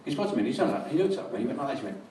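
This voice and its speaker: A middle-aged man from England doing a live stand-up set, rambling and deadpan, in a small comedy venue. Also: medium pitch, rapid-fire, heavy background noise. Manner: dry, rambling, deadpan with crowd laughter. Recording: roomy live venue, distant mic.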